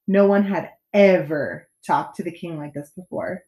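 A woman reading a children's picture book aloud as a storyteller, expressive with dramatic pauses. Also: fairly low pitch. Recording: echoey room.

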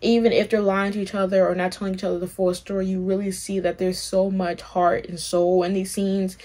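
A young woman hosting a reaction channel, talking in a rambling, excitable way with plenty of swearing and fillers. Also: mid-range voice, fairly quick. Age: young adult. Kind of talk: casual reaction commentary.

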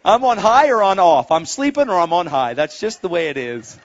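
Excitable high-voiced male preacher. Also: normal speed, a faint crowd. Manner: animated, excitable, swings from hushed to loud. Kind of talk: sermon. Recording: dull lo-fi sound.

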